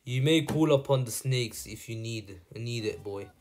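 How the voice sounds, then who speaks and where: A man voicing a giant male snake summon, speaking low and unhurried, with faint music behind. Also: darkish tone, natural voice. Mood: approving.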